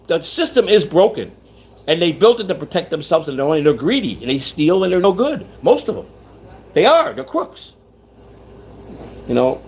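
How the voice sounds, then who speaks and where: A man rambles through a casual livestream, circling back over his points and reading viewer chat as he goes. His voice sits a little high for a man. A faint hiss runs under the recording. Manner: rambling, repetitive, restarts sentences; reads viewer chat aloud. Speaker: livestream host.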